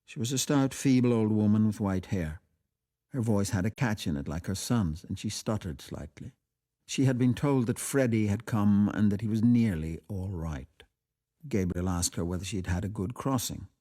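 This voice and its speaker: A man reading a classic short story aloud for radio in a measured, quiet way. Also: fairly low pitch, breathy edge.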